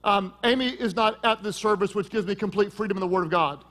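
A middle-aged man preaching a sermon as pastor, joking and lively, with sudden loud peaks. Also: sits high, fast talker.

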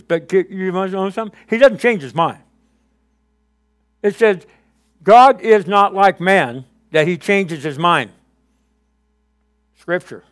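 A male pastor preaching a sermon, telling his story and acting out conversations, with quick questions to the congregation. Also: sits high. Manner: animated storytelling, acting out his own past dialogue with God.

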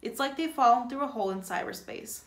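A woman reading aloud, voicing a brisk, authoritative male attorney general in an echoey room. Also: fairly high pitch, voice pushed up, close to an everyday voice. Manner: brisk, official.

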